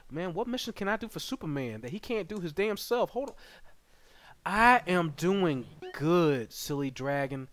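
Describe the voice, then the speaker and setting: A man streaming a game live and chatting with viewers, excitable and slangy, jumping from loud shouts to low mutters. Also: moderate pace, a little hiss or hum. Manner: slangy, playful banter with chat. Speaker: gaming streamer. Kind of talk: live gameplay commentary reading chat.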